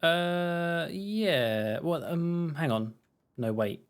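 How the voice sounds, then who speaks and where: A man's voice: on the high side, lively intonation, drawn-out words, clear, resonant tone. A man casually chatting and rambling while streaming a game. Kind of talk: casual let's-play commentary.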